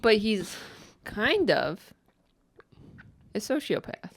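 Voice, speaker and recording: A co-host on a comedy podcast who plays along in a deadpan, casual way. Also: mid-range voice, slow pace, gravelly, dry recording.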